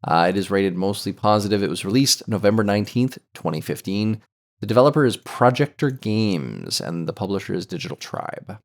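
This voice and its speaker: Brief: male podcast host, low voice, easygoing casual chat. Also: sing-song, brisk. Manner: easygoing, reads game info aloud.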